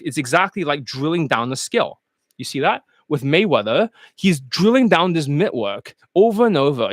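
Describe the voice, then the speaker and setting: Animated man, bouncy high voice. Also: no echo, studio quality. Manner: animated, blunt and profane, rambling; slips in and out of put-on accents. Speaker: dating coach. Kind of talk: casual live-stream sales monologue.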